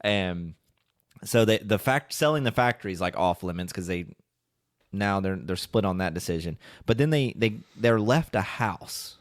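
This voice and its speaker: A man's voice: deep voice, lively intonation, moderate pace, no room sound, studio quality. A man co-hosting a podcast, casually retelling a film's scenes and laughing often. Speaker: podcast co-host. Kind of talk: casual chat.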